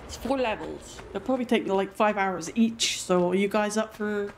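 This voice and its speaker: A woman, chatting casually and excitably while streaming a game. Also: medium pitch, moderate pace. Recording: noisy background.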